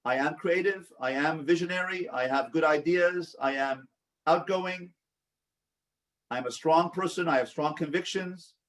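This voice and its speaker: A man's voice: fairly high pitch, a little slow, fairly bright tone, recorded from a distance. A man leading a support group, who coaches, asks the group questions and acts out sample replies. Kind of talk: teaching a live online group session.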